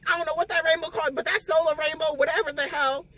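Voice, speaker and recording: Woman book vlogger, slightly high voice, emotional, tearful retelling. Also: fast, no echo, rough recording. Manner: animated, emotional retelling with quoted dialogue. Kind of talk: casual spoiler recap vlog.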